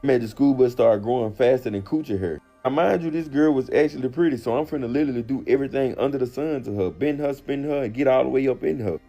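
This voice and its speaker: Fast-talking young man with a dark voice. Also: mid-range voice, soft background music. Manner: crude, slangy, animated storytelling. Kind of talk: casual storytime monologue.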